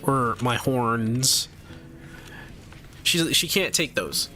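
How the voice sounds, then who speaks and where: A man's voice: mid-range voice, animated, very slow, sharp tone, soft background music. A man streaming live, chatting casually and animatedly with his viewers, laughing often and tripping over his words.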